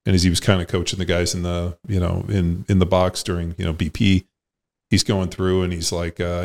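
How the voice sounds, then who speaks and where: Man, very low voice, podcast host, former football player, blunt, profane, rambling, casual talk. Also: flat delivery, quick pace. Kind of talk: casual conversation.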